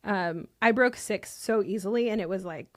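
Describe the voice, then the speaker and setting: A woman in her thirties speaking as a guest on a podcast. She talks openly and with feeling, padding her thoughts with "like" and quick restarts. Her voice sits in a middle register. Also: medium pitch. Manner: emotional, effusive, lots of "like" fillers. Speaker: podcast guest, business owner. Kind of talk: candid podcast conversation.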